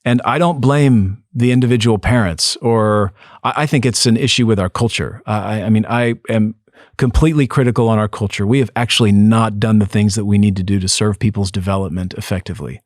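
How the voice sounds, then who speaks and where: A man, a psychotherapist, speaking as an interview guest in an earnest, measured way, often restarting his sentences. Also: on the low side, no echo, clean studio sound. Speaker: depth psychotherapist, podcast guest. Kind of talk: reflective interview talk.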